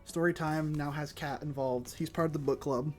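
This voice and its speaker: A man streaming a game from home on a desk microphone, chatting in a loose, rambling, excitable way with laughs and casual swearing. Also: a little high, normal speed. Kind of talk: casual live-stream chat while playing a game. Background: faint chill background music.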